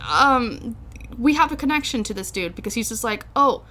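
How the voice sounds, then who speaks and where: A young woman co-hosting a relaxed chat podcast. Her voice is bright and lively, and she rambles through her points with plenty of fillers, often teasing her co-host. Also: fairly high pitch, moderate pace, a little hiss or hum. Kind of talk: casual chat.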